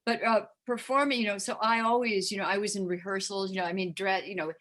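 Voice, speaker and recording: Older american lady chatting away, you know you know, mid-pitched voice. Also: fairly even intonation, fast, fairly bright tone. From United States. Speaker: guest singer and actress. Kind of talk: casual interview chat.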